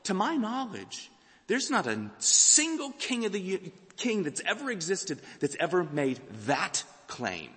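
Emphatic male preacher, high and expressive, voice ringing in a big hall. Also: unhurried. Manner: animated, emphatic delivery with dramatic quotes. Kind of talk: sermon.

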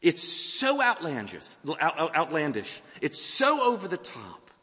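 Man, preacher, sermon, high lively voice, emphatic, long hall reverb. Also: unhurried. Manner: animated, emphatic delivery with dramatic quotes.

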